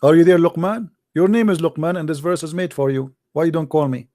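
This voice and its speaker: Guy hosting a call-in debate stream, mocking and taunting, kinda highish, warm tone. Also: a little fast. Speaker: call-in show host. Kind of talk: live call-in religious debate.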